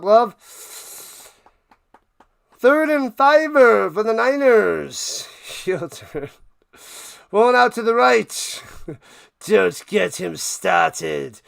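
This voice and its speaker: A man's voice: sits high, creaky, smooth, no room sound, clean studio sound. A man hosting a casual live stream, calling football play by play in a playful, hyped way while chatting with viewers. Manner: playful, hyped, talks to chat, sings and riffs.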